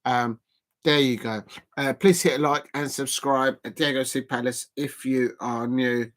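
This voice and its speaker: A man with a South London accent, hosting a live race watch-along and commenting in a rambling, halting way with many fillers. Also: mid-range voice, fairly even intonation. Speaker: live stream host.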